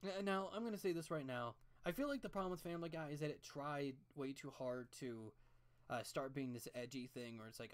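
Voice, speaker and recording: This art streamer has a voice of middling pitch and talks into a desk mic while drawing at home. They wander off into long, profane rants, backtracking and restarting sentences as the thoughts come. The delivery is loose and conversational. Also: brisk. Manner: rambling, profane, ranting with restarts. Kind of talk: casual rambling commentary while drawing.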